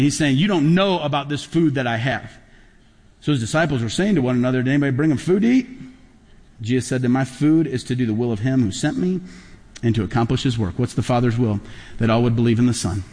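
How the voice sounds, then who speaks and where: Emphatic pastor preaching in a hall. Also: male voice, mid-range voice, fast talker. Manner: storytelling, emphatic, rising to loud peaks. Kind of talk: sermon. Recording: long hall reverb.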